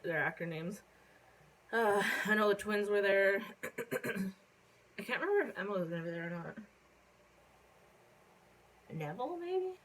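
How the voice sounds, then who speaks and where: Young woman, slightly low voice, rambling casual vlog, filler words, hiccups and throat clearing, phone mic. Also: a bit bright, low-quality recording. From Canada. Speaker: vlogger.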